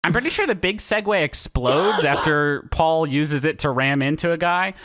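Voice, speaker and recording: A man co-hosting a podcast, chatting comedically in a meandering, animated way with many filler pauses. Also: a little high, no echo, studio quality. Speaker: podcast co-host. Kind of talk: casual comedic chat.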